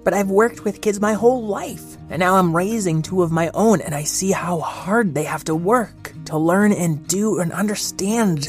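A man hosting a children's podcast, speaking in a gentle, earnest way as he answers questions. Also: high-pitched, moderate pace, few pauses, faint music behind. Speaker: host and storyteller of a kids' podcast. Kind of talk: scripted narration for children.

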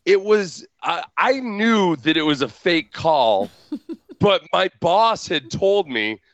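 A man's voice: high-pitched, sing-song, takes it slowly, no echo, highs cut off. A male guest chatting casually, chuckling, self-deprecating and rambling. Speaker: guest, radio host. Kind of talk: casual podcast chat.

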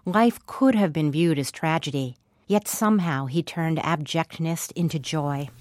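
Low woman voice reading a memorial piece, measured, dry close sound. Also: darkish tone, no room sound. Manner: measured, literary. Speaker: writer narrating a remembrance. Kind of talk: scripted narration.

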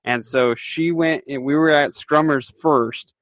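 A young adult man, a podcast co-host, telling a drinking story in casual chat, animated and laughing often. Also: a little high, a little slow, no room sound.

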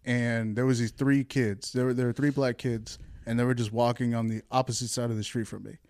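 A man's voice: mid-range voice, brisk, no room sound. Male co-host, casual story-telling chat, swears a lot, mid voice, dry mic. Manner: profane, animated storyteller.

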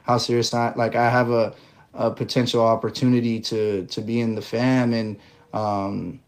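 A man guesting on a podcast, telling his story in a relaxed way with lots of fillers. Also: mid-range voice, moderate pace. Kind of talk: casual interview chat.

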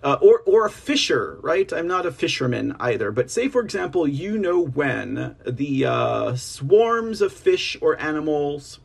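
Man, online news-show host, slightly high voice with rasp, loose chatty delivery to his viewers. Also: sing-song, a little slow, hardly any pauses. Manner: rambling, addresses the audience as ladies and gentlemen; reads statements aloud, chats with viewers. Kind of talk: casual livestream commentary. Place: home setup on a slow connection.

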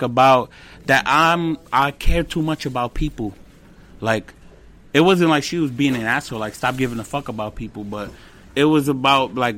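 A man in his twenties, a comedian guest on a casual podcast, telling animated stories with slang, swearing and bits of Spanish. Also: mid-range voice. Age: 20s.

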